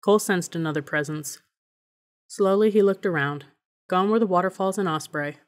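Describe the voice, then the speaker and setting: Low-voiced woman reading an audiobook. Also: normal speed. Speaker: audiobook narrator. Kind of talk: audiobook narration.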